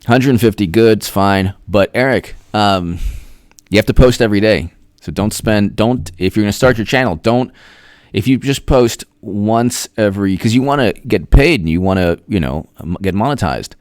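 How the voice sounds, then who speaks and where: A man's voice: fairly low pitch, moderate pace, no echo, clean studio sound. A man hosting a casual live stream, rambling as he thanks viewers by name and now and then drawing words out in a sing-song. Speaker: political commentary host. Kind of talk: casual livestream chat.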